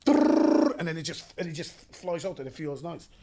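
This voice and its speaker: A young adult Welsh man, an actor telling animated stories in a casual interview and acting out gunfire with sound effects. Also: fairly high pitch, fast talker, very noisy. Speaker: actor guest.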